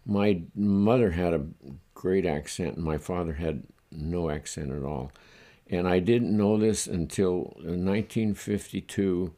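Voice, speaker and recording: An older man from the United States, reflecting in a halting, chuckling way during an oral history interview. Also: low-pitched, mellow. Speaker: interviewee recalling his childhood.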